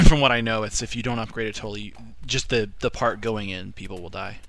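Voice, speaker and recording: A man's voice: on the low side, a little fast, fairly bright tone. A man casually chatting about a video game in a laid-back way, often trailing off.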